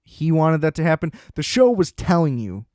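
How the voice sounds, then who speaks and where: Excitable, profane male podcast host. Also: fairly high pitch, moderate pace, dry recording, studio quality. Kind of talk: casual solo podcast rant.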